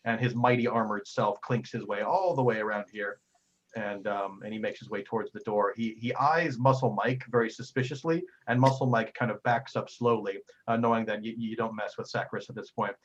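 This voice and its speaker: A man narrating a tabletop game as game master in a rambling, halting way with frequent fillers. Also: on the low side, steady tone, muffled recording.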